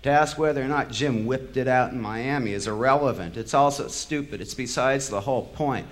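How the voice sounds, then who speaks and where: Brisk and medium-pitched, this man gives a bitter, sarcastic spoken-word monologue. He swears without restraint, and the heat keeps building into angry outbursts.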